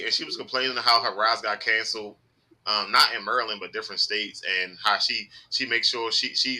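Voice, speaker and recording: A man telling rideshare-driving stories on a podcast, animated and full of profanity. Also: on the low side, poor audio. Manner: animated storytelling, heavy profanity. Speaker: podcast host, rideshare driver. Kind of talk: casual chat.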